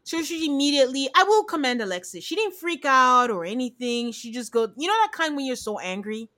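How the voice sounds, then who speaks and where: A woman with a clear, bright and forceful tone talks through a reality episode in a loose, chatty way. She gets animated as she retells scenes and slips into the voices of the people she quotes. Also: sits high, brisk. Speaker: podcast co-host. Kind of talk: casual recap chat.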